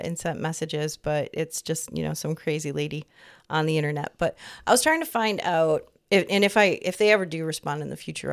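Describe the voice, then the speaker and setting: Low and gravelly, this woman in her fifties rambles through an easygoing podcast conversation as co-host, laughing frequently.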